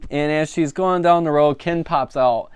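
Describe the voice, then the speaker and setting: A man giving a casual, rambling film review, full of fillers and animated reactions. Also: a little high, moderate pace, smooth, no room sound. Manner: chatty and rambling, full of "like" and "you know"; animated, laughing at the funny parts. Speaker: movie reviewer.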